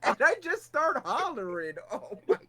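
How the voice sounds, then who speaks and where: A woman in casual chat, telling a story slowly and close to laughing the whole time. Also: high-pitched, big pitch swings, a crowd in the background. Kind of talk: casual chat among friends.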